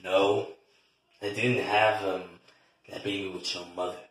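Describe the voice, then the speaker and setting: A man's voice: lowish voice, little pitch movement, measured pace, a bit bright, far from the mic. A man playing a defensive, foul-mouthed father in a comedy skit. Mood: sheepish. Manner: profane, defensive. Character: sheepish foul-mouthed middle-aged father. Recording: echoey room.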